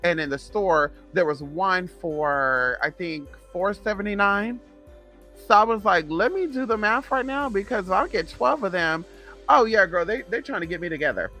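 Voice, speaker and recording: A woman in her thirties telling a sassy, profane storytime in casual vlog chat, animated and gossipy. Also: lowish voice, moderate pace, faint music behind. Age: 30s. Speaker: vlogger.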